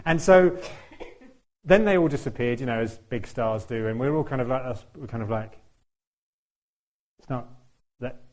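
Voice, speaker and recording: A man telling a chatty, self-deprecating story during a church talk, laughing often and acting out what people said. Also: mid-range voice. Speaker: church speaker. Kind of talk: anecdotal sermon storytelling.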